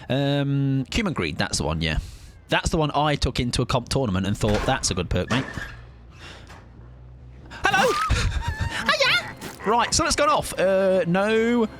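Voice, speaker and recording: A young man talking through a live game stream, chatty and excitable, his pitch swinging up and down. Clear game music plays under his voice. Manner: chatty, excitable, self-mocking, swears casually. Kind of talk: live gameplay commentary.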